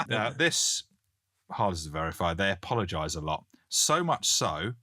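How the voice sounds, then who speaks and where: A British man with a very low voice that still sounds bright and forceful, co-hosting a podcast in easy, joking chat. The recording is dry and close, with no room sound. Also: very animated, a little slow, dry recording. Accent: British English. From Britain. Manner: jokey, reads listener messages aloud. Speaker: podcast co-host. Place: Canada.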